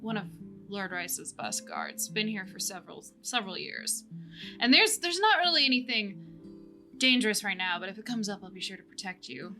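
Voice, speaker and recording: A woman's voice: mid-range voice, sing-song, moderate pace, bright, forceful tone. A woman voicing a cocky, drunken young male guard who brags and leers. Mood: boastful. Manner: boastful, leering. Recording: faint fantasy music behind.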